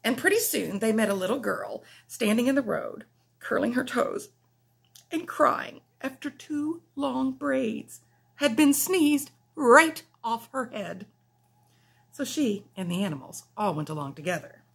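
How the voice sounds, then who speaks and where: Teacher-type woman, storybook read-aloud, higher voice, animated, puts on playful character voices. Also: unhurried, vocal fry, breathy edge. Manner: lively, puts on voices for animals, laughs along.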